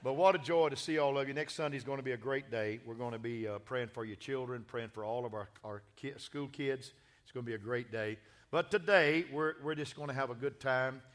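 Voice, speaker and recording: A man's voice: medium pitch, fairly quick. A man, a pastor giving a church sermon and announcements in a folksy, joking, exuberant way. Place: church sanctuary.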